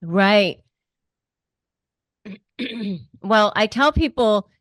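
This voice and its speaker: Woman host giving advice, emphatic, repeats points, mid pitch, dry close mic. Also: unhurried, smooth, no room sound. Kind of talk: advice interview.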